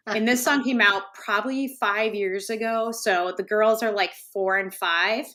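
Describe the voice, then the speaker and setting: A middle-aged woman, co-hosting a casual livestream chat and telling family stories with lively laughter. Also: medium pitch, a little slow. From Wisconsin. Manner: storytelling, animated, laughs at her own stories. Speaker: co-host.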